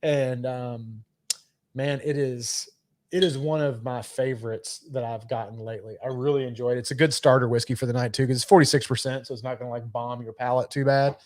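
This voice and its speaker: A man's voice: medium pitch, fairly even intonation, a little fast, no room sound. A man co-hosting a podcast, chatting casually in a laid-back, rambling way with plenty of fillers and swearing. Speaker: podcast co-host. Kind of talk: casual chat.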